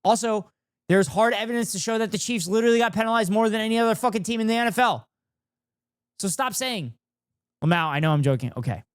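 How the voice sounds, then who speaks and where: A man's voice: high voice, animated, quick pace, clean tone, no room sound, studio quality. A young man streaming, chatting casually and ranting with heavy swearing and sarcasm. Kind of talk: casual stream chat, reacting and reading chat.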